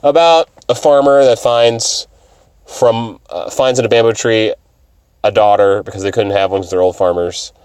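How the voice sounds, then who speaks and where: A man's voice: fairly low pitch, steady tone, normal speed, a little mellow, smooth, dry recording, clean studio sound. A man hosting a podcast, rambling casually with lots of fillers and swearing. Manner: profane, rambling, full of fillers. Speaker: podcast host.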